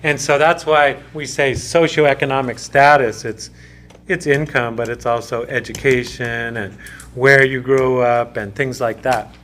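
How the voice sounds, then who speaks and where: A man's voice: mid-range voice, steady tone, unhurried, fairly bright tone, slight background noise. A man giving a conversational classroom lecture as a sociology lecturer, talking in restarts and asides to his students. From United States.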